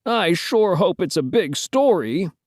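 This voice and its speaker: A woman voicing a stingy male newspaper editor in a children's storybook read-aloud, flat and matter-of-fact. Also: on the low side, unhurried, no echo, studio quality, voice pushed up.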